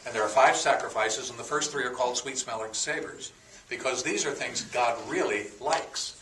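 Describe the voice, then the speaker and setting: A man's voice: medium pitch, normal speed, recorded from a distance, noisy background. A man preaches a teaching sermon, breaking words down one by one and slipping into folksy asides with plenty of fillers. His voice sits in a middle range and reaches the mic from a little way off, with an echoey room around it. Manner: explains word by word, folksy with a told joke and fillers. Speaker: pastor.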